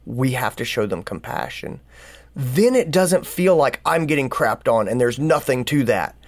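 A man talks through advice in an earnest, conversational way, often posing rhetorical questions and slipping into short stories. His voice sits at a middle pitch. The sound is dry and close, with no room around it. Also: expressive, normal speed, dry recording. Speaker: podcast co-host.

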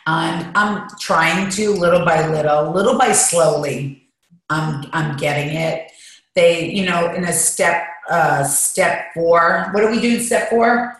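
A woman's voice: on the low side, takes it slowly. A woman guest speaking candidly and emotionally in an interview, recorded at a recovery treatment center. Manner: emotional, confessional, emphatic. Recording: very echoey room.

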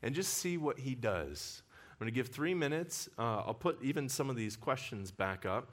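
A male pastor preaches with a lively, swooping voice that rises and falls all through his talk. He tells personal stories in an animated way and breaks into laughter often. His delivery stays warm-hearted and conversational from the pulpit. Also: medium pitch, moderate pace. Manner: animated storyteller who laughs often while talking.

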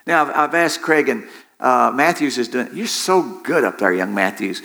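Bright-voiced preacher prodding his congregation. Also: medium pitch, lively intonation, normal speed, creaky. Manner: repeats himself, engages the congregation with call-and-response. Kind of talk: sermon.

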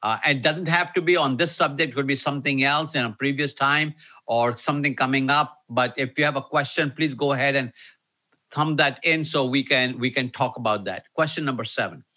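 A man preaching to an online audience, repeating key lines slowly and emphatically. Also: mid-range voice, sharp tone. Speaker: pastor. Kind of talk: sermon with live Q&A.

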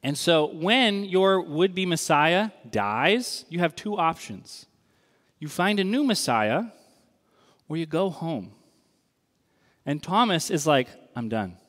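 A man's voice: a little high, expressive, takes it slowly, long pauses, a bit bright. A male pastor preaching a sermon in a conversational, earnest and wry way. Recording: long reverb in a large hall.

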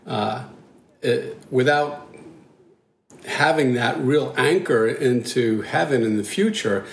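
Church leader, man, halting thoughtful talk, roomy echo, faint hiss. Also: mid-range voice. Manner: halting, thoughtful, many restarts. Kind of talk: casual discussion.

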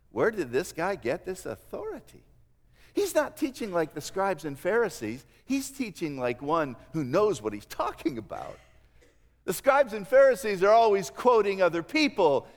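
A man preaching a sermon in an animated way, acting out the voices of the people he quotes. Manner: animated, acts out quoted voices with big pitch swings. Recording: long reverb of a large hall.

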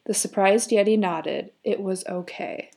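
Gravelly-voiced woman telling a story. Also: medium pitch, measured pace, darkish tone. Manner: giggly, with frequent fillers and laughs. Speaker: podcast co-host. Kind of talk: casual chat and story retelling.

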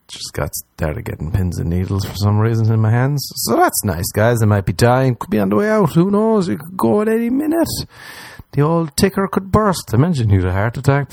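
A man's voice: gravelly, a little mellow, no room sound. Crude Irish man ranting solo on podcast. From Ireland. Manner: crude, self-mocking rambling with sudden high-pitched jumps. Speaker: podcast host. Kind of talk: solo comedic podcast monologue. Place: small room, alone.

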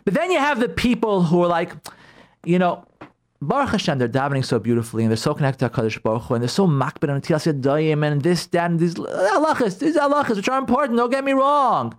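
A man's voice: high voice, lively intonation, fast talker. A man, a rabbi, giving an emphatic radio talk on Jewish law and marriage, repeating key words and acting out his listeners' objections.

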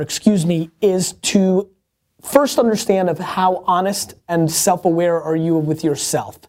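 A man's voice: sits high, a little slow, a little mellow. A man hosting a show, answering viewer questions in casual advice talk, firing off emphatic rhetorical questions and correcting himself as he goes. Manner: stumbles and corrects himself mid-sentence.

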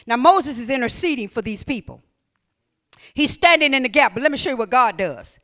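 High, bright-voiced woman preaching. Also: fairly quick. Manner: animated, swings between loud emphatic lines and near-whispers. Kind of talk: sermon.

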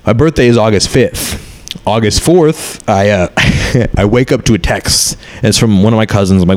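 Low-voiced man, candid rambling comedian. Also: a little fast, few pauses. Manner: swears a lot, rambling and candid. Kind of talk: casual podcast chat.

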